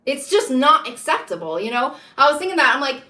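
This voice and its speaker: Casting: woman, bright and high, emphatic and repetitive political rant. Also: very animated, a little fast. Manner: emphatic, repetitive, rising to heated insistence. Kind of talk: impassioned political monologue. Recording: echoey room.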